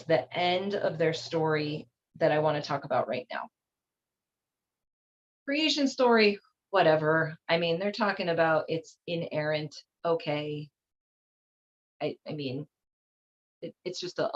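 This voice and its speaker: A woman hosting a show, talking in a chatty, irreverent way with lots of fillers. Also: deep voice. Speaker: host. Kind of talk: casual commentary. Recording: slightly dull lo-fi audio.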